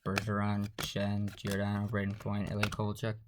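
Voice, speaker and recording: A man hosting a casual card-unboxing vlog, talking quietly in a half-whisper, sarcastic and dismissive. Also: fairly low pitch, completely flat delivery, moderate pace. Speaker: card-opening channel host. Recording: noisy home recording with pack crinkling.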